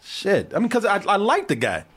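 A man hosting a podcast, chatting casually about a movie, animated and profane, laughing often. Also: high-pitched, fairly quick, breathy edge. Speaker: podcast host. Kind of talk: casual movie review chat.

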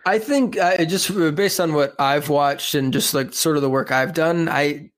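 A man hosting a sports podcast, reading sponsor spots and chatting with a guest. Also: a little high. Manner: upbeat, reads sponsor copy briskly. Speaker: podcast host. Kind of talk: casual sports podcast and ad reads.

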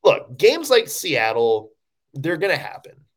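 A man co-hosts a casual sports podcast and talks through the games with a lively, joking manner. His pitch swings widely as he talks. He leans on fillers like "you know" while he works out his points. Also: measured pace. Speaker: podcast co-host.

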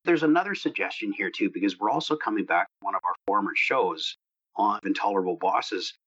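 A man with a low, husky voice co-hosts a casual podcast chat. He talks in a relaxed, conversational way. The recording sounds dull and lo-fi. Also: a little fast. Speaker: co-host.

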